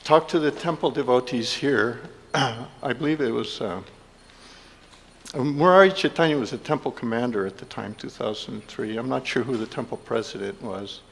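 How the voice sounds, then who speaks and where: Halting man in a reverberant hall. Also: mid-range voice, creaky. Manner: halting, with many fillers and restarts. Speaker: devotee giving a festival offering. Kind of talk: heartfelt personal speech to a congregation.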